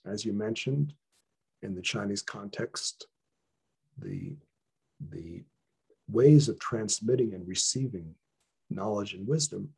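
A man speaking as an interview guest, sharing serious stories about his training in an earnest, measured way with frequent restarts. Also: lowish voice, vocal fry, mellow, husky. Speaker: guest, traditional healer. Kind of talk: interview, reflective storytelling.

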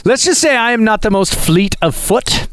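A man's voice: sits high, expressive, moderate pace, a bit bright, smooth, no room sound. A man co-hosting a podcast, answering quiz questions and telling self-deprecating stories with good humor. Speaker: podcast co-host. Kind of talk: casual chat.

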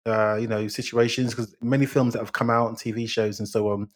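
Man, podcast co-host, lowish voice, measured, agreeable, casual film talk. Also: level tone. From England. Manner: measured, agreeable, short murmured replies. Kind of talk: casual film review chat.

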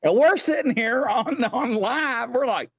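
A man's voice: very high-pitched, unhurried, husky, no room sound. A man hosting a paranormal talk show, telling a story in casual chat, laughing as he goes and acting out the quotes. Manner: animated storyteller, laughs mid-sentence, acts out quotes.

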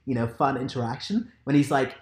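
A man's voice: mid-range voice, expressive, fairly quick, darkish tone. A man chatting casually on a podcast, rambling with lots of fillers and laughing asides as he recaps a show. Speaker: podcast co-host. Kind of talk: casual chat recapping a TV drama. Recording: roomy echo.

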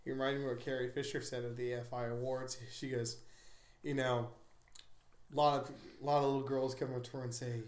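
A man of middle pitch hosts a casual conversation, rambling and digressing with frequent restarts. His voice carries a noticeable room echo. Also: level tone, fairly quick. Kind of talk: casual discussion. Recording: echoey room.

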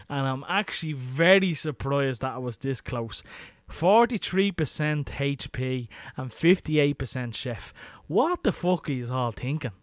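Crude, chatty Irish man, fairly high voice. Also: dry recording, studio quality. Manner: crude, swearing, chatty and matter-of-fact. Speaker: podcast host. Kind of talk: casual solo podcast monologue.

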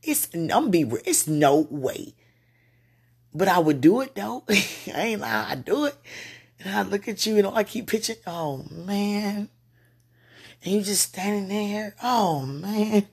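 Husky tipsy woman rambling. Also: mid-range voice, expressive, unhurried. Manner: giggly, rambling, self-interrupting. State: tipsy from wine. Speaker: live streamer. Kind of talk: casual rambling monologue.

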